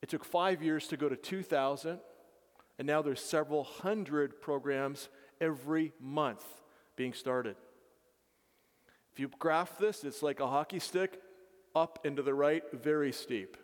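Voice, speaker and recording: A man who leads mission work, telling his story to a congregation earnestly, with halting restarts. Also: on the high side. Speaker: mission leader. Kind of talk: testimony to a congregation. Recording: reverberant hall.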